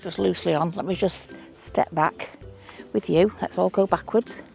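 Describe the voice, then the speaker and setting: Gravelly lowish voiced manchester woman, middle-aged, chatty diy vlog talk outdoors, bit of music under it. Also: moderate pace. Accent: Manchester English. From England. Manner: chatty, self-deprecating, thinks aloud while doing DIY. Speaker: allotment gardening vlogger. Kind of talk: casual vlog narration while working. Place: outdoor allotment garden.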